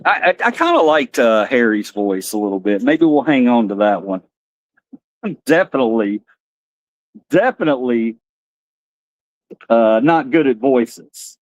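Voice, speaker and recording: A male streamer chatting loosely with viewers, joking and laughing at his own antics. His voice moves a lot in pitch, and the sound is dry and close to the mic. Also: big pitch swings, a little slow, long pauses, dry recording. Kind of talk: casual live-stream chat.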